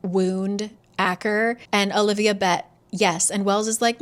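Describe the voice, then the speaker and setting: A woman talking through a book's plot in a loose, chatty way. She is sarcastic, throws in quick asides and swears now and then. She slips into the characters' lines as she goes. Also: medium pitch, flat delivery. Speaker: book reviewer. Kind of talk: casual book plot recap.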